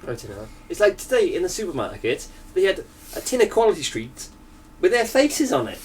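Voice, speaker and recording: A man's voice: sits high, huge pitch swings, brisk, far from the mic, a little hiss or hum. A young man in casual podcast banter, chatty, laughing often, at times reading a news story aloud. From Wales. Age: young adult. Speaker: podcast co-host.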